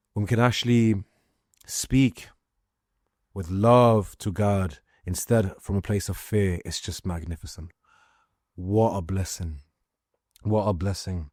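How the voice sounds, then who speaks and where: A man's voice: lowish voice, a little mellow, dry recording. Guy ranting to his viewers, swears a lot, gets kinda prayerful, dry close sound. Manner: profane, impassioned, turning prayerful. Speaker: vlogger. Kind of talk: casual monologue to viewers.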